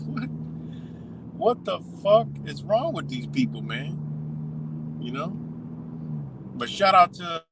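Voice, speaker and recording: A man with a slightly high voice hosts a livestream, delivering a heated, profane, rambling rant broken up by scattered laughs. Background noise is audible.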